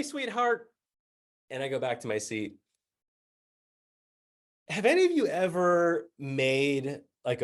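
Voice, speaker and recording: A man telling a personal story as a speaker, animated and acting out the other people's lines with voices, and laughing as he goes. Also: medium pitch. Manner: animated, acts out dialogue with voices.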